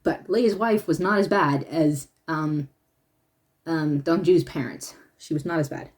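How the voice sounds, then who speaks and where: A woman talking casually as she reviews a drama series, animated, with frequent laughter and trailing restarts. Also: sits low, a little slow. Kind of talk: casual opinion vlog.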